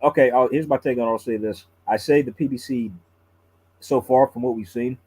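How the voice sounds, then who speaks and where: A man talks through his opinion in a casual live-stream chat. He speaks fast in a warm, mellow voice. He states his views firmly and repeats himself as he weighs a point. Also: mid-range voice, fairly even intonation, husky, rough recording. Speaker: guest commentator.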